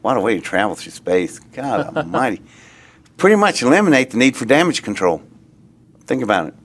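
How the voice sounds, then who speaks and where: A man being interviewed, telling a long story in a rambling, excitable way that often trails off and starts again. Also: medium pitch, fast talker, slight background noise. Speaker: interviewee recounting an experience.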